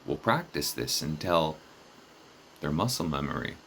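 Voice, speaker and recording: Slow, deep-voiced man demonstrating phrases. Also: very animated, gravelly, a bit bright, a little hiss or hum. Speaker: teacher trainer. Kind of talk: instructional narration.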